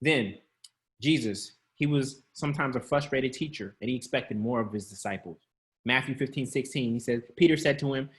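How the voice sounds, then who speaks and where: A man's voice: medium pitch, normal speed. A man preaching a sermon to an online congregation, talking in a conversational way, laughing often and calling out to his listeners. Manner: conversational, laughing, calls out to the audience.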